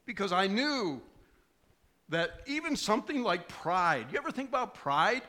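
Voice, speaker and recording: A man's voice: high-pitched, big pitch swings, unhurried, pushed and bright. A middle-aged male preacher telling a personal story in a sermon, asking the congregation questions along the way. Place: church.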